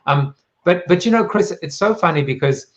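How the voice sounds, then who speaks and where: A man with a South African accent hosting a live talk show, rhetorical and playful with quick asides. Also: a little high, expressive, dull audio. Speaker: show host.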